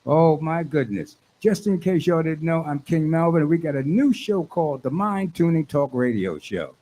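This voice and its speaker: A man hosting a radio show in a studio, excitable and fond of repeating his lines for emphasis. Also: on the high side, normal speed, rough recording. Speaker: radio host.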